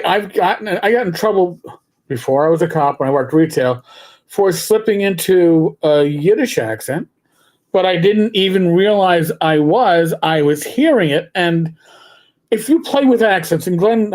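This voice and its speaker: A man's voice: sits high, lively intonation, measured pace, darkish tone. Rambling New man telling stories. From New York City. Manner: rambling storyteller, stammers and restarts, slips into put-on voices. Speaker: podcast co-host. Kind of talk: casual livestream chat.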